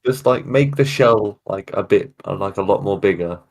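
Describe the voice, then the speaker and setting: A British man chatting casually on a call, halting and full of fillers as he gives drawing tips. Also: on the low side, creaky, a little mellow. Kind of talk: casual chat.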